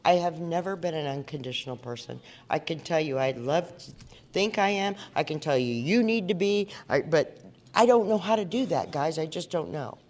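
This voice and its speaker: A woman from Indiana tells her story at a recovery meeting, speaking before an audience in a meeting hall. Her deep, darkish voice has lively intonation at normal speed, and she's earnest and conversational, putting questions to the audience.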